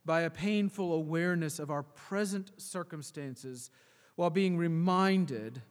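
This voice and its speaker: A male pastor preaching a sermon, swinging between hushed and emphatic delivery. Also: a little high, long reverb tail.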